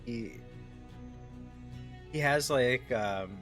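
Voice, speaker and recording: Halting male game master, faint music. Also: mid-range voice, a bit bright. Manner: halting, searching for words while describing. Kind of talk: narrating a tabletop game.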